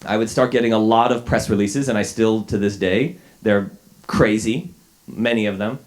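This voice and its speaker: A journalist in his forties gives a talk in a lecture hall, telling a live audience a wry, self-deprecating story. His voice sits on the low side at a moderate pace, and he sounds a little sick, with plenty of fillers and restarts.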